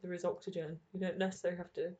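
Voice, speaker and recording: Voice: medium pitch, level tone, rapid-fire, mellow. A podcast co-host in casual chat, teasing and dry, often laughing at their own jokes.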